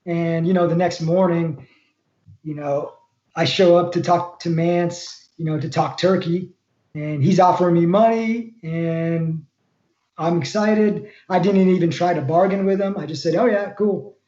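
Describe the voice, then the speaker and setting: Relaxed man in a roomy, lo-fi room. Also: on the high side, a little slow. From Florida. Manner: relaxed, rambling, laughs while telling stories. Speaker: guest, former college wrestler. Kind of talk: casual storytelling interview.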